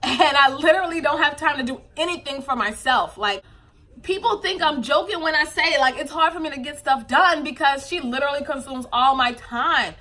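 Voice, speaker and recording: Young woman, bright voice, slightly high, emotional, candid, casual vlog. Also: moderate pace. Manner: emotional, tearful at times, candid, lots of fillers. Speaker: vlogger, new mother.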